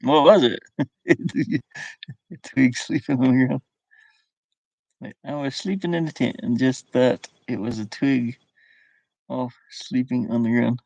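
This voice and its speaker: A man's voice: medium pitch, fairly even intonation, measured pace, gravelly, pauses often, a little mellow, no room sound. A man from the American South with a faint Southern drawl, chatting casually on a live stream from his van, reading viewer comments and chuckling often. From US South (Kentucky and Virginia). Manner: easygoing, chuckles often, thinks aloud.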